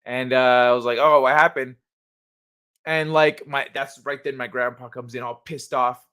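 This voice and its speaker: A man's voice: mid-range voice, fairly even intonation, moderate pace, a bit bright, clear, resonant tone. A man hosting a livestream, chatting casually and reading viewers' messages aloud with loose, profane asides that trail off into mumbles. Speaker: livestream host.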